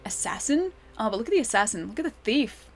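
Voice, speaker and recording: A woman's voice: fairly high pitch, sing-song, fast talker, faint music behind. Giggly Australian woman streaming a game. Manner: chatty and giggly, reads chat aloud. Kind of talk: live game stream chat.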